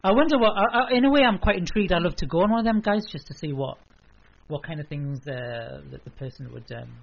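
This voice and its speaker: Quick, husky-voiced man, hesitant guest on a talk show, dull lo-fi sound. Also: sits high, animated. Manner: hesitant, trails off mid-sentence. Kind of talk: casual chat. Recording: dull lo-fi recording.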